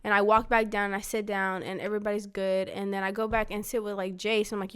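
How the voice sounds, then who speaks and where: A woman's voice: medium pitch, little pitch movement, brisk, few pauses, fairly bright tone, clear, resonant tone. A woman casually telling her life story to her father, peppering her talk with "like" and acting out what people said. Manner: chatty, fills talk with "like", acts out quoted lines.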